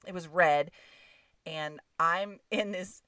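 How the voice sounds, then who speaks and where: A woman's voice: fairly low pitch, takes it slowly, pushed and bright, dry recording, studio quality. A middle-aged woman co-hosting a podcast, telling a story in a casual, rambling way and searching for words. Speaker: podcast co-host. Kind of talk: casual chat. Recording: voice a bit far from the mic.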